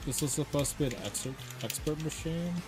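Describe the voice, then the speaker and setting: A man's voice: on the high side, brisk, over music. A man joining a live hacking stream, speaking in a laid-back, hesitant way that often trails off. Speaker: co-host guest. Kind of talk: casual live-stream chat.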